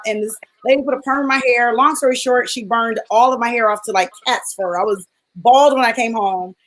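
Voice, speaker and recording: A woman's voice: a little high, a little fast, fairly bright tone, rough recording. A woman in a casual panel chat, telling a personal story with feeling and acting out the voices of people in it.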